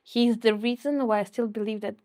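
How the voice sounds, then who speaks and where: In a personal interview, a young Ukrainian woman speaks haltingly, teary and emotional, often laughing. Her voice is a little high and a little mellow, with fairly even intonation.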